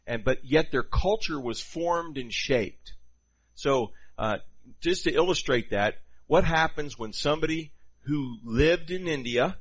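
A man preaching a sermon in an animated, conversational way, with quoted asides to the congregation. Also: medium pitch, muffled recording.

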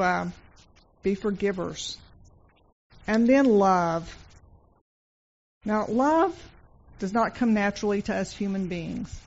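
Woman, earnest devotional speaker, storytelling style, slightly muffled lo-fi recording. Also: medium pitch. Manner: earnest storytelling, repeats phrases. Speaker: Christian speaker. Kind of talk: informal devotional talk.

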